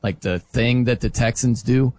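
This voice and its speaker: A male radio host leading a lively sports talk segment in an excitable way. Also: mid-range voice, normal speed, no room sound. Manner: excitable, mimics crowd chants.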